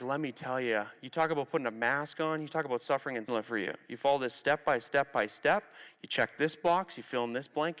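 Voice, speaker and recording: A man's voice: a little high, fairly bright tone, clear, resonant tone. A Canadian man in his twenties giving a candid personal story talk to students from a theatre stage, speaking conversationally and acting out quotes. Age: 20s. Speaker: motivational speaker. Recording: reverberant hall recording.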